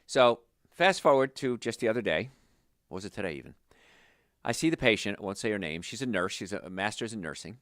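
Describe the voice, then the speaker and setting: Animated, chatty male health practitioner. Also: lowish voice, a little fast, no room sound, clean studio sound. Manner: animated, chatty, drifts into stories. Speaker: holistic health practitioner answering viewer questions. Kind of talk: casual Q&A monologue with anecdotes.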